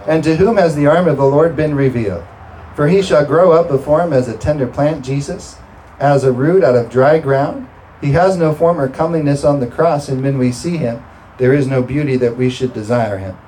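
A man's voice: fairly high pitch, normal speed, warm tone, slight background noise, rough recording. A male pastor preaching a sermon and leading a communion prayer, with emphatic, rising delivery and call-and-response to the congregation. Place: church sanctuary.

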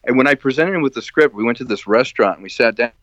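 A man, a filmmaker being interviewed, telling stories in a lively way and acting out the lines of people he quotes. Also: mid-range voice, rapid-fire, no room sound. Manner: animated storyteller who acts out quoted lines. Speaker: filmmaker guest. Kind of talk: casual interview. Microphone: video call. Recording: dull lo-fi call audio.

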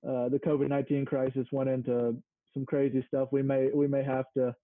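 With a mid-range, level voice and a fairly quick delivery, a Mississippi man who runs a small farm chats as an interview guest, searching for words now and then. There's no echo, though the audio has a narrow, phone-like quality.

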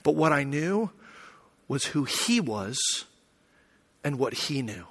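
A man's voice: medium pitch, sing-song, takes it slowly, long reverb tail. A young man from Arizona, a pastor, telling a personal story in a sermon, casual and emotional, with lots of fillers.

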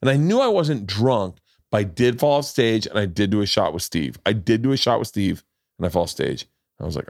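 A man's voice: lowish voice, sing-song, fairly quick, vocal fry, no echo, clean studio sound. A man, a guest comedian, telling a stage story in casual chat and acting out the voices of people in it. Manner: acts out voices in punchy bits. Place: podcast studio.

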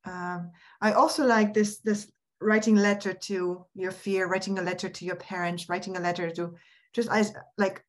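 Reflective woman coach, halting speech. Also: medium pitch, fairly even intonation. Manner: reflective, halting, with many restarts and soft laughs. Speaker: mindset and happiness coach, guest. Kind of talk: casual podcast conversation.

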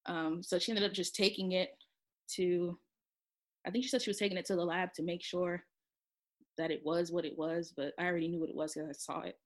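A woman recounts a personal experience in a quiet, soft-spoken voice that sits a little low. Her telling is halting, full of pauses and restarts. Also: fairly even intonation. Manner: halting, with many fillers and restarts. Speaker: storyteller. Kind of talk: personal storytelling.

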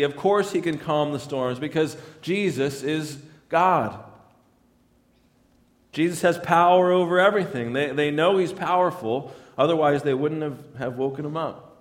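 Male pastor, slightly high voice, chatty sermon delivery with frequent restarts. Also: moderate pace, long reverb tail. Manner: conversational, repeats words and restarts lines.

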